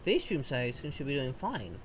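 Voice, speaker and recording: A woman's voice: very deep voice, very animated, moderate pace, a little hiss or hum. Chirpy foxian streamer girl. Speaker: game character livestreamer. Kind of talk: video game voice acting.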